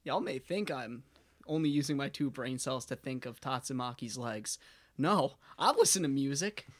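A man's voice: medium pitch, animated, moderate pace. A young man co-hosting a casual podcast, joking and slangy as he talks anime. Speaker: podcast co-host. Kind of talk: casual chat.

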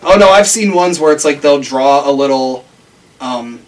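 A man's voice: medium pitch, expressive, moderate pace. A young man chatting casually with a friend, laughing often and acting out quoted voices. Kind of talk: casual chat. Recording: distant mic with faint noise.

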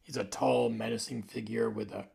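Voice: mid-range voice, fairly even intonation, moderate pace, darkish tone. A vlogger in their forties talking casually to the camera in a rambling, loose way, trailing off and correcting themself. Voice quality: very gravelly, creaky voice.

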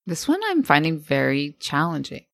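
Deep-voiced American woman, animated podcast chat. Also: moderate pace, vocal fry, no room sound. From United States. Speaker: podcast co-host.

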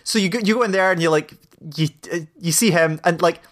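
A man in casual podcast chat about a game, talking animatedly with lots of swearing, acting out the scenes he describes in quick voices. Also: sits high, fairly bright tone. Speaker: podcast co-host.

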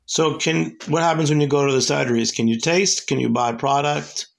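A man hosts a casual interview with a fairly high voice and a gravelly edge. His questions are upbeat and rambling, and he stumbles and restarts often. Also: fairly even intonation, normal speed. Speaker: host.

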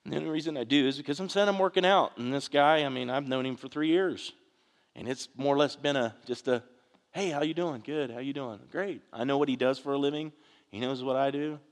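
A man's voice: medium pitch, fast talker. A man preaching a conversational sermon as a pastor, telling a story earnestly with frequent restarts. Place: church sanctuary. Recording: long hall reverb.

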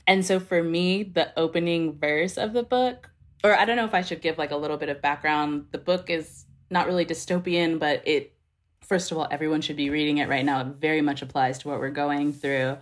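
A woman's voice: deep voice, fairly quick. A young woman talking thoughtfully on a podcast, searching for words with many fillers and restarts. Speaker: podcast guest. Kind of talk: casual podcast conversation.

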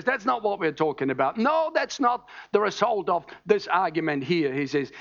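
High-voiced emphatic male preacher. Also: fairly bright tone, dull audio. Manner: emphatic, teaching, asks "All right?" often. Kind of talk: sermon.

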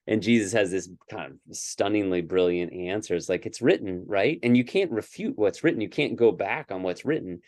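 A man's voice: lowish voice, expressive, moderate pace, hardly any pauses, a little mellow, no echo, studio quality. A man co-hosting a casual scripture discussion, earnest and thinking aloud with many fillers and restarts. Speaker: podcast co-host.

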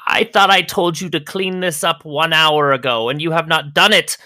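A man's voice: on the high side, moderate pace, sharp tone, no echo, clean studio sound, voice pushed up. A man voicing a fussy older woman alchemist with thirty cats, in a prim, haughty, scolding manner.

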